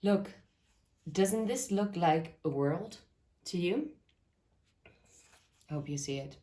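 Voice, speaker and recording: A woman's voice: on the low side, expressive, takes it slowly, mellow. A woman reading tarot cards to her viewers, talking earnestly about spirit messages and breaking off into rambling asides. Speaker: tarot reader. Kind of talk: channeled tarot reading to camera.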